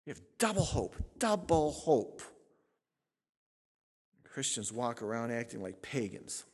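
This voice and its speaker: A male pastor preaching a sermon, swinging from loud, fiery emphasis to hushed, low asides. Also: sing-song, takes it slowly, pauses often, big-room sound.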